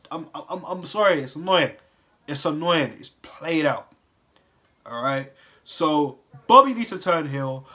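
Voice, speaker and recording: A man's voice: high voice, sharp tone. Exasperated man ranting. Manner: heated, exasperated, lots of swearing and rhetorical questions. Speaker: wrestling commentary vlogger. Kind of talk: profane ranting monologue.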